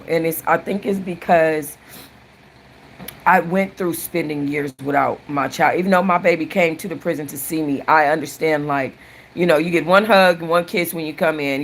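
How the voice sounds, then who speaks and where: A woman's voice: low voice, normal speed, slight background noise. A woman hosting a casual live-stream book chat, chatty and prone to restarting sentences. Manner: chatty, restarts often, thanks viewers mid-sentence. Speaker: book channel host.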